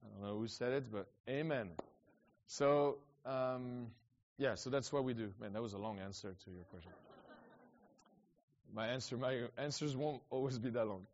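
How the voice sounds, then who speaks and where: A middle-aged man tells stories in a rambling, animated way, with many restarts and quick asides. His pitch sits in the middle of the male range. The recording sounds a little dull and muffled. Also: a little hiss or hum. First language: French. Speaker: evangelist guest. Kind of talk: casual storytelling talk.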